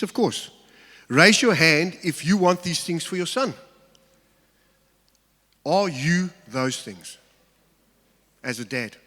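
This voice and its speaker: A man's voice: sits high, a bit bright, breathy edge. Man preaching in an echoing hall. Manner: candid, emotional, halting when personal. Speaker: pastor. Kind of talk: sermon. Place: large church hall. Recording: long hall reverb.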